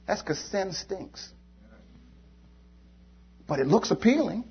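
Man preaching, husky, fairly high voice, emphatic and repetitive, dull lo-fi sound. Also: big pitch swings, slow, pauses often. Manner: emphatic, repetitive, swings between loud and quiet. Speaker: lay preacher. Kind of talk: sermon.

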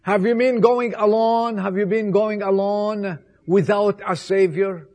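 A man preaching an Easter sermon, with emphatic repetitions, swinging between loud appeals and soft, hushed passages. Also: high voice, steady tone. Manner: slow, emphatic delivery with repetitions.

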